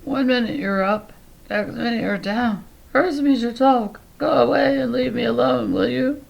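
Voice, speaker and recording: A woman voicing a gentle male lion who fakes a bad cold in a hoarse, raised whisper. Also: a little high, big pitch swings, moderate pace, highs cut off, voice pushed up, exaggerated voice. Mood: hoarse, gruff.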